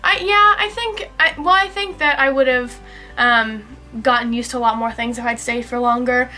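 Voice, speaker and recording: A woman's voice: a little high, normal speed, pushed and bright, faint music behind. A young American woman, a university student talking casually and easily, often laughing. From United States. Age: young adult. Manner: easygoing, laughs often, rambling with fillers. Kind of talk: casual chat.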